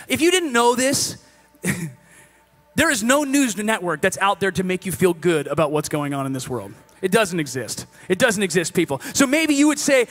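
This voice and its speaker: A man preaching a sermon in a conversational, animated way, swinging from loud exhortation to hushed asides. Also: high voice, normal speed, soft background music.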